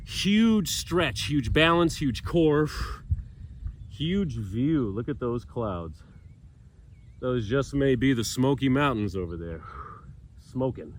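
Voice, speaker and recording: This yoga instructor leads an outdoor session against a mountain backdrop, calling out poses, tossing in jokes, and panting from the exertion. He speaks in a lively mid-range voice, taking his time with long pauses, and there's slight background noise.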